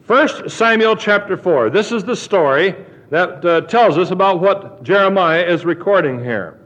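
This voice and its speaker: A man preaching a sermon, reading scripture aloud slowly and deliberately. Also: high-pitched, lively intonation, fairly bright tone. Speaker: pastor. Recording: dull lo-fi sermon recording.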